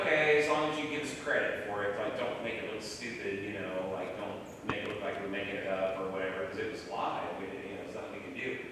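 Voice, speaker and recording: A man's voice: medium pitch, distant mic, a little hiss or hum. Rambling man in an echoey hall. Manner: rambling, animated, lots of "like" and acted-out quotes. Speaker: paranormal investigator telling a story. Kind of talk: casual storytelling at a live Q&A. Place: large echoey event hall.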